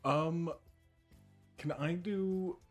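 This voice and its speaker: A man playing in a tabletop role-playing game, talking in a halting, stammering way. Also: on the high side, fairly even intonation, soft background music. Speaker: guest player.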